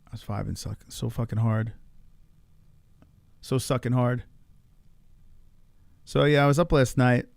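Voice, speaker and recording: A man's voice: medium pitch, unhurried, creaky, pauses often, a little mellow, no echo. A man hosting a stream, rambling and cursing in a giggly, intoxicated way. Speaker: streamer host. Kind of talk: casual stream chat.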